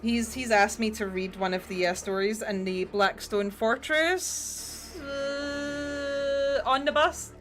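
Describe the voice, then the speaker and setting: A woman's voice: a little high, fairly even intonation, slow, fairly bright tone, soft background music. A young woman chatting casually with her viewers while she paints miniatures, swearing freely and talking straight to them. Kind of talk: casual livestream chat.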